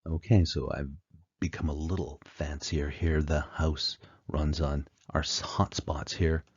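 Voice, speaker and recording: A man teaching an explanatory lecture, unhurried, with frequent pauses and fillers, on a dull, muffled recording. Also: extremely low pitch, little pitch movement, breathy edge, no echo.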